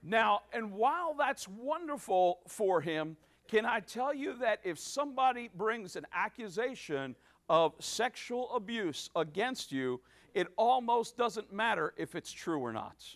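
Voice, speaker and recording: A man's voice: high-pitched, sing-song, fairly bright tone. A male pastor giving a sermon, with many restarts and fillers, building to emphatic points. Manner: halting with many restarts, rising to emphatic preaching.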